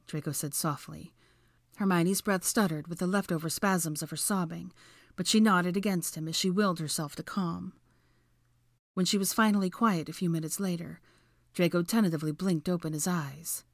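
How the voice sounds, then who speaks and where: Woman reading a story out loud, lowish voice, very dry close sound. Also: normal speed, no room sound. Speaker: fanfiction reader. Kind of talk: scripted narration.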